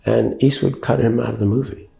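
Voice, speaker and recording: A man in his sixties being interviewed, telling stories in a measured, thoughtful way that gets lively when he quotes people. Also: medium pitch, vocal fry, echoey room, faint music behind. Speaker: actor and director, guest. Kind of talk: reflective interview storytelling.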